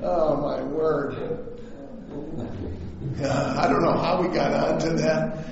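A man preaching a sermon, telling stories in an animated way and quoting scripture in slow, emphatic bursts. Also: fairly high pitch, creaky, noisy background. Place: church sanctuary. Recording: echoey hall, dull lo-fi sound.

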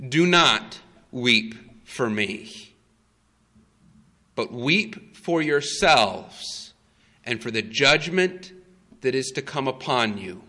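A preacher voicing a calm, beaten prisoner. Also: male voice, mid-range voice, exaggerated voice. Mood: solemn. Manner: quiet, slow and solemn. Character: beaten but calm and bold male prisoner.

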